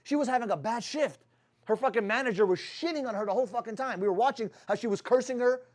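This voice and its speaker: A man's voice: very high voice, fast. A man leading his sales team in a motivational talk, blunt and profane, firing rhetorical questions at the room.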